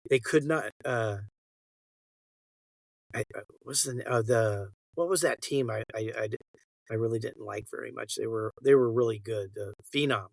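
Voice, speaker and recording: Guy co-hosting a sports podcast, mid pitch, rambles thru stories and does the voices, dry close mic. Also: normal speed, gravelly, no room sound. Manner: rambling storyteller, acts out quoted dialogue. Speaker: podcast co-host. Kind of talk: casual chat.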